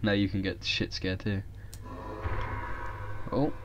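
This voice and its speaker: Sweary gaming youtuber. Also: male voice, deep voice, flat delivery, takes it slowly, fairly bright tone, dull audio, slight background noise. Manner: casual, sweary, jokey. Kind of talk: let's play commentary.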